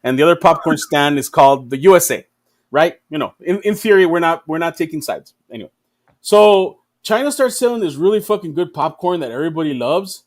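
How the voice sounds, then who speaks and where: A man's voice: a little high, lively intonation, fairly quick. A man hosting a podcast in casual chat, rambling and swearing often. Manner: rambling, profane, laughs often. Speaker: podcast host.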